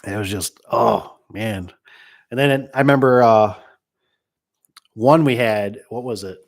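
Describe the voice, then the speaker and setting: A man's voice: fairly low pitch, a little slow, gravelly. A middle-aged man who runs a garage door business, telling a rambling, joking story to a live chat, full of restarts and asides.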